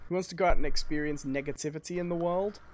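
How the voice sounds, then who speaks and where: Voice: medium pitch, fast, a little hiss or hum. Chatty host rambling on a live stream. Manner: chatty, hesitant, filler-heavy. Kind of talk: casual live-stream chat.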